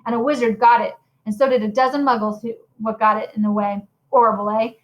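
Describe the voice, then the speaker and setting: A woman voicing an excitable, gossipy young male bus conductor with slangy, jumpy talk. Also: fairly high pitch, quick pace, close to an everyday voice, rough recording.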